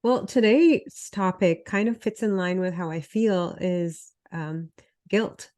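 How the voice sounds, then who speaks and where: A woman's voice: lowish voice, takes it slowly, a little mellow. Female co-host with a cold, nasal and congested, casual and self-deprecating. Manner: chatty, self-deprecating, tells stories. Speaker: podcast co-host, health coach. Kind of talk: casual chat.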